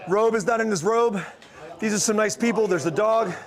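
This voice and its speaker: A man's voice: high voice, brisk. A man hosting a show, greeting people and joking crudely as he walks through a venue, a bit out of breath. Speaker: show host. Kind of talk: casual walk-through vlog. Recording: music playing loud behind.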